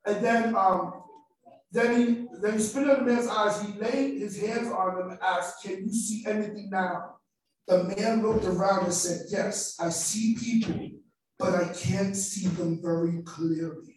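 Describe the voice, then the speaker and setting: A man pastor preaching a sermon with lively energy, swinging from shouted points to soft asides, recorded on a livestream from some distance. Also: high voice, measured pace. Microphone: livestream device away from the speaker. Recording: roomy livestream audio from far off.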